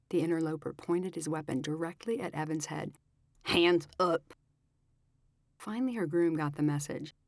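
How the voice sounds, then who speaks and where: Low-voiced woman narrating a thriller. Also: a little mellow, no echo, studio quality. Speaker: audiobook narrator. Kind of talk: scripted narration.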